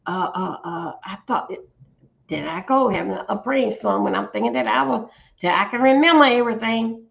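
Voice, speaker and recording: A woman's voice: medium pitch, expressive, normal speed, gravelly, muffled recording. A woman hosting a livestream, giving blunt, profane ranting commentary and often stumbling over repeated words. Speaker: livestream host.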